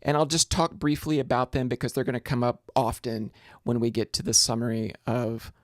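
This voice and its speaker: A man's voice: medium pitch, level tone, fairly quick, no echo, studio quality. A man lecturing on poetry in a recorded video lesson. He explains step by step and often restarts his phrases. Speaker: literature lecturer.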